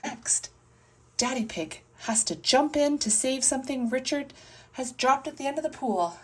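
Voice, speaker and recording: Woman reading a children's storybook softly. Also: high voice, expressive, moderate pace, recorded from a distance. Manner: soft, hushed reading with bursts of playful character voices. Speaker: storyteller playing with toys. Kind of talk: reading a picture book aloud, then narrating toy play.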